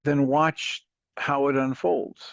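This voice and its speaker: A man hosting a call-in talk show, giving earnest, patient advice in a steady counseling manner. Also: medium pitch, takes it slowly, vocal fry, dry recording, dull audio. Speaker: radio talk show host, coach.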